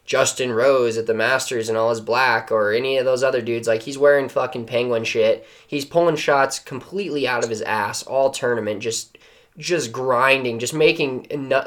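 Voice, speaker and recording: A man co-hosting a podcast over a video call, rambling excitedly and swearing in casual chat. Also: medium pitch. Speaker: podcast co-host. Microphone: remote call mic.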